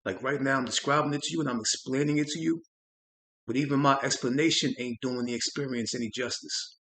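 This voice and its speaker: A man hosting a spiritual channel, telling a personal experience in an earnest, reflective way, often halting and repeating words. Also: medium pitch, a bit bright. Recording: roomy echo.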